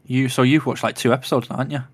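A man's voice: mid-range voice, flat delivery, very fast, dry recording, studio quality. Laid-back sweary man on a podcast. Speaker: podcast co-host. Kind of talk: casual chat.

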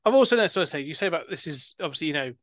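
A man with a fairly high voice chats casually about films, wandering through his points with plenty of fillers and restarts. The recording is close and dry, with no room sound. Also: expressive, very fast, a bit bright, dry recording. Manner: chatty, rambling with many fillers and restarts. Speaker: podcast host. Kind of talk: casual film-review chat.

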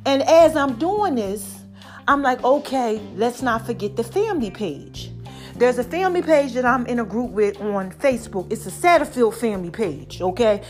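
A woman's voice: a little high, lively intonation, moderate pace, soft background music. A woman, chatting to her followers in a casual monologue, a bit out of breath and calling them y'all and baby. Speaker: social media personality.

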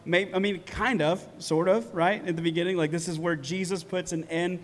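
A man preaching a sermon in a relaxed, conversational way, often tagging points with "right?" and laughing lightly. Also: high-pitched, moderate pace. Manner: casual, conversational preaching with many "right?" asides. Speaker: pastor. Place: church hall. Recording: long reverb of a church hall.

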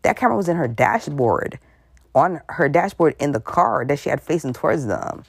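Brief: gravelly conspiracy vlogger, rambling and suspicious, dry close sound. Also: medium pitch, very animated, moderate pace, no echo. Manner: laughs mid-sentence. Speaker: commentary vlogger. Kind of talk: casual conspiracy commentary.

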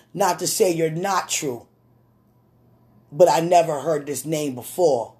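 A preacher doing a soft, tender spiritual mother. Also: mid-range voice, close to an everyday voice. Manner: tender, soft-spoken, praying. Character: gentle caring older spiritual mother, woman. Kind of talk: retelling a prayer conversation.

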